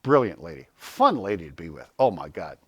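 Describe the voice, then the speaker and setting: A man's voice: sits low, fairly quick, breathy edge, muffled recording. A man giving an informal health talk to a small audience, telling stories and asking himself questions, then answering them. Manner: animated storyteller, acts out quotes in a raised voice; asks and answers his own questions.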